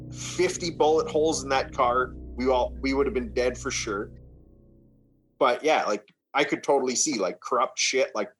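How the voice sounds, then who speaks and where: A young man from Canada telling a wild story in casual podcast chat, swearing freely and acting out the shouting. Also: mid-range voice. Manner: animated, swearing, acts out shouts.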